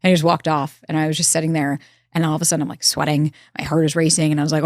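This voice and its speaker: A woman who is a relationship expert, telling personal stories in a relaxed interview and acting out her own inner dialogue. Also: low voice, very fast, creaky, no room sound, studio quality. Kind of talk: conversational storytelling. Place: studio.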